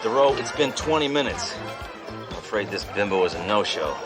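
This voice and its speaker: An actor playing a brash, deadpan male police detective who trades gruff wisecracks, on a TV soundtrack with music behind. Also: lowish voice, normal speed, a crowd in the background, natural voice. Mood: smug. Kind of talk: sitcom acting.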